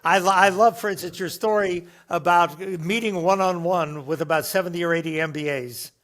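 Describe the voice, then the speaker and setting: An older man hosting a podcast interview, asking questions in a measured way with soft fillers. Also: high-pitched. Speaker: podcast host, professor.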